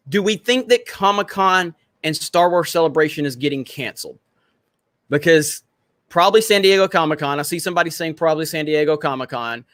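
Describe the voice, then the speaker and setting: Cocky guy streamer talking trash with chat, fairly high voice, dry close mic. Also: fairly bright tone, no room sound. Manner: brash, profane, banter with the chat. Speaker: live stream host. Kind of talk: casual live stream chat.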